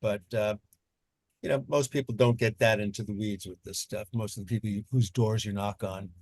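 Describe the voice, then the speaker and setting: Halting man moderating a panel. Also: on the low side, steady tone, darkish tone, slightly rough, no echo. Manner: halting, many fillers. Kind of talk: casual online panel talk.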